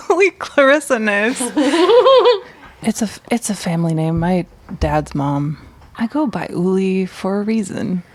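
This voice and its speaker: A woman player at a tabletop game, chatting playfully and jokingly. Her voice rises and falls a lot, and she talks at an unhurried pace. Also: mid-range voice, big pitch swings. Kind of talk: casual game banter.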